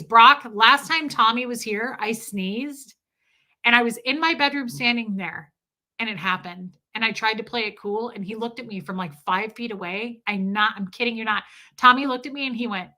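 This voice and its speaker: A woman in her forties with a raised pitch and a very bright, forceful voice. She chats crudely and candidly with her viewers on a live stream, reacting to comments as she goes. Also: moderate pace. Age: 40s. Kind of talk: casual live stream chat.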